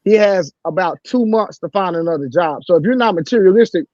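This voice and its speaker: A man with a fairly high voice makes pointed remarks in a panel debate. His sound comes through a muffled, lo-fi microphone, and the sound is dry. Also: lively intonation, brisk, a little mellow, dry recording.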